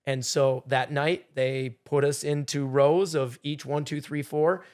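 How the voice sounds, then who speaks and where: A middle-aged man telling a story as a podcast guest, animated, acting out what people said. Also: fairly high pitch, a little slow. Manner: animated storyteller, acts out quotes loudly. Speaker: game show contestant guest.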